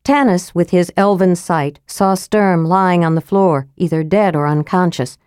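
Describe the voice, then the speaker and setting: A woman reading a fantasy story aloud as narrator, dropping her voice low for the male characters. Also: measured pace, a little mellow, clear, resonant tone, no room sound, clean studio sound. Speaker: audiobook narrator.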